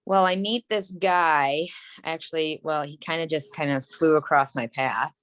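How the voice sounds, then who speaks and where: Woman, thirties, low pitch, dry close sound, candid rambling talk, emotional. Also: measured pace, fairly bright tone, no room sound. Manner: rambling, frequent "like" and "you know"; earnest and emotional. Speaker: interview guest. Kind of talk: candid personal storytelling.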